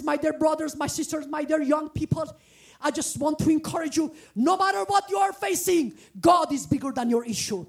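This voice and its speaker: A woman from the former Soviet Union preaching a testimony sermon, exuberant and earnest, often breaking into shouts and sung phrases. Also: high-pitched, vocal fry. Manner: earnest, pleading exhortation. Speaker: guest preacher.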